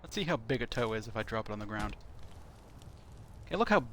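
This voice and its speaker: A man's voice: fairly low pitch, big pitch swings, quick pace, fairly bright tone, slight background noise. A man streaming a video game, chatting casually and thinking aloud with plenty of fillers as he plays. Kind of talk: casual commentary while playing. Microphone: console headset.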